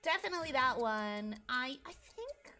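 Brief: woman streamer, very high bright voice, bouncy and excitable, faint music behind. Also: moderate pace. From Argentina. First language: Spanish. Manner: excitable, exclaims and shouts while playing. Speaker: VTuber streamer. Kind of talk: live game stream chat.

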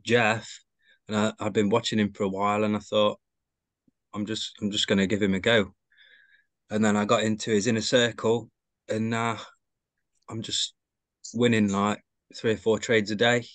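A man with a low, flat voice introduces himself on a video call. He is matter-of-fact and plain-spoken. The sound is dry and close. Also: no room sound. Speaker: student in the class. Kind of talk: casual self-introduction.

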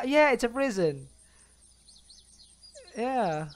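A young man playing a video game alone, reacting out loud and chatting to the characters on screen. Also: high voice, moderate pace. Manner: excitable, talks to the game characters, laughs often. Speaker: gaming channel host. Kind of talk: solo let's play commentary.

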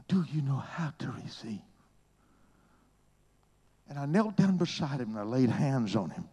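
A man preaching a sermon, swinging between hushed whispers and loud, high exclamations in a husky voice. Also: sing-song, a little slow, pauses often.

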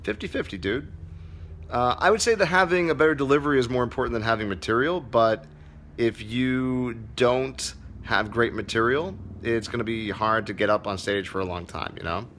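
A man's voice: mid-range voice, normal speed, a bit bright, slight background noise. A man who teaches comedy, hosting a casual livestream Q&A, reading viewer comments aloud in a loose, profane way.

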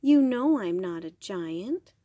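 A woman voicing a worried, determined mother in a storybook reading, speaking gently and earnestly. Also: medium pitch, animated, slow, dry recording.

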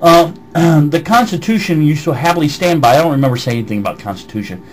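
A man's voice: fairly high pitch, animated, quick pace, a little hiss or hum, rough recording. Ranting Southern American man. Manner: heated, swearing, reads comments aloud. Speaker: vlogger. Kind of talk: angry vlog rant answering comments.

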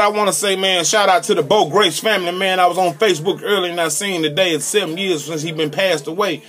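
Guy in his 40s hosting live radio, pretty high voice, loud hype shout-outs. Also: fast talker, few pauses, soft background music. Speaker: radio host. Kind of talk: casual live radio talk.

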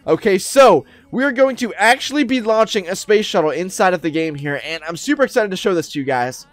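A man's voice: sits high, animated, a little fast, dry recording, faint music behind. A man narrating a roleplay game for viewers, upbeat and chatty, with many fillers. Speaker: Roblox roleplay YouTuber. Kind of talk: excited gameplay narration.

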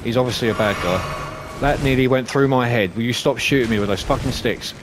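A man commentating his own gameplay, swearing and shouting at enemies as he plays. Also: medium pitch, a little fast, background noise. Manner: sweary, excitable, talks to enemies. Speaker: gaming YouTuber. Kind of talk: let's play commentary. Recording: game music behind voice.

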